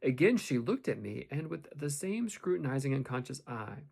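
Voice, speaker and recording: A man narrating a classic novel in the first person with expressive, measured storytelling. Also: mid-range voice, gravelly, breathy edge. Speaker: audiobook narrator.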